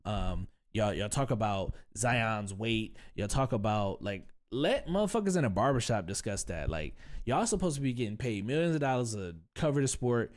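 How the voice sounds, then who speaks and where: A man's voice: on the low side, big pitch swings, moderate pace, hardly any pauses. A man hosting a sports reaction vlog, ranting in a blunt, slangy and profane way that rambles between points. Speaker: sports commentary vlog host. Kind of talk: casual reaction rant.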